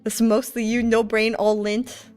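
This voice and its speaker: Young woman streamer, high voice, playful storyteller, faint music bed. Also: little pitch movement, unhurried, a little mellow. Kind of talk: casual chat with viewers.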